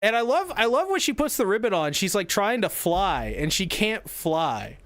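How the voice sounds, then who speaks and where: A man with a fairly high, smooth and clear voice that rises and falls a lot. He chats casually and enthusiastically as a podcast co-host, steering the conversation along, on a dry close mic. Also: big pitch swings, moderate pace, a bit bright, no echo. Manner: enthusiastic, gushing, moves the show along. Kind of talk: casual chat.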